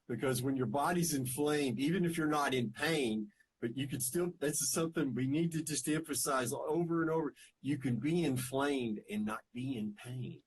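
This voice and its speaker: Guy co-host, earnest and emphatic, little hiss in the audio. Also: medium pitch. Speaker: podcast co-host. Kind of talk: casual chat.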